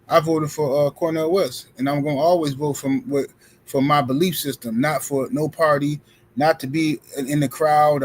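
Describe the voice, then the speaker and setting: A man's voice: a little high, a little hiss or hum, poor audio. Blunt mocking man on a live stream. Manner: blunt and mocking, repeats phrases. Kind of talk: casual live-stream commentary. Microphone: streaming setup mic.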